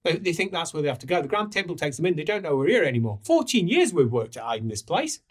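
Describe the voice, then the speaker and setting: A game master voicing a shifty male priest who scams pilgrims, talking quickly and evasively. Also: medium pitch, big pitch swings.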